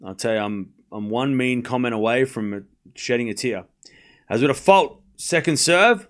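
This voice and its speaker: A chatty man gives casual, jokey commentary for a live tennis watchalong he hosts, calling scores while reading chat. He speaks at medium pitch and normal speed.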